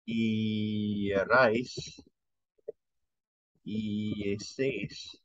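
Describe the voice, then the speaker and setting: Guy slowly drilling verb forms at home, fixes his own slips, dry lo-fi sound. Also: lowish voice, little pitch movement, a bit bright, no room sound. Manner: slow, drills conjugations aloud, corrects himself mid-sentence. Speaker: language teacher. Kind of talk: informal language lesson. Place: home room. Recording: dull lo-fi home recording.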